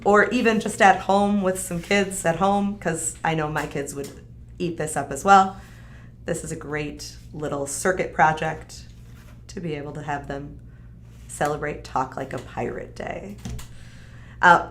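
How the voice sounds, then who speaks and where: A woman's voice: fairly low pitch, fairly bright tone. A woman hosting a live stream, chatting upbeat and casually as she demonstrates a craft kit. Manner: upbeat, chatty, frequent fillers. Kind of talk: casual product demo.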